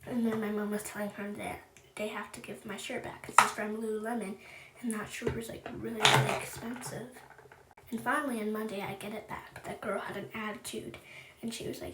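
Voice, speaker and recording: A woman's voice: medium pitch, little pitch movement, a little fast, recorded from a distance. A young female vlogger chatting through a story while getting ready for bed, full of "like"s and quoted dialogue. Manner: chatty, many "like"s, quotes her friends in dialogue. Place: bathroom then bedroom at home. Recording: echoey room with background noise.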